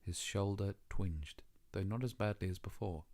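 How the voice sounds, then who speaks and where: Brief: male storybook narrator, low voice, steady and expressive. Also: normal speed. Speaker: audiobook narrator. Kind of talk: scripted narration.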